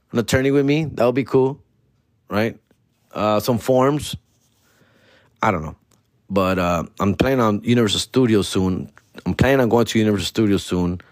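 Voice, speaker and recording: A stand-up comedian hosts his own podcast solo, chatting in a laid-back, profane, slang-heavy way into a close mic. His voice is fairly low in pitch, with no echo.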